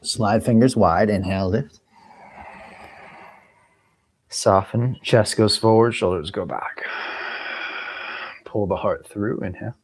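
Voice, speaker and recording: A man teaching a yoga class, cueing breaths and movements in a relaxed way, now and then clearing his throat. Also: lowish voice, a little slow. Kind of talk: guided yoga class instruction.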